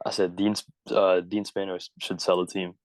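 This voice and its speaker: A man's voice: low-pitched, little pitch movement, moderate pace, no echo, rough recording. A young man co-hosting a casual sports podcast, tossing in short, wry quips. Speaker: podcast co-host.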